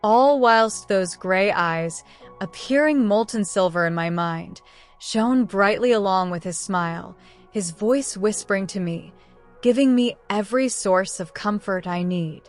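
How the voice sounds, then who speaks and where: A woman narrating a romance audiobook in the first person, reading in a measured, emotive way. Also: mid-range voice, faint music behind.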